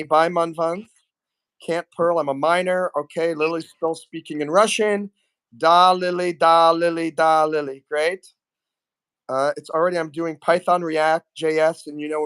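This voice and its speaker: A man hosting a casual live stream, reading out chat messages and talking to a guest, often clearing his throat. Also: fairly high pitch, fairly bright tone. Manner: chatty, reads chat aloud, frequent throat clearing.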